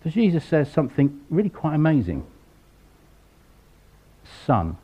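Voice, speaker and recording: A man preaching a sermon, acting out the people in the story with sudden loud voices. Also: on the high side, wildly swooping pitch, a little slow, slightly rough. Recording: dull lo-fi sound.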